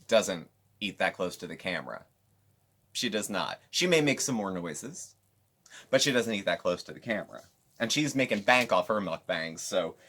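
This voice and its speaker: Lively, sarcastic man with a low voice. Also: a little hiss or hum. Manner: animated, sarcastic asides. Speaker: commentary channel host. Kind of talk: casual commentary recapping another creator's videos.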